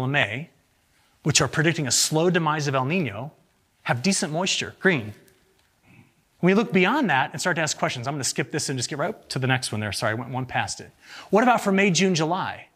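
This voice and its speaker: Husky-voiced man giving a lively talk. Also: on the high side. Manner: lively, joking, asks the audience rhetorical questions. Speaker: agricultural meteorologist presenting to farmers. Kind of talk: conference presentation with slides.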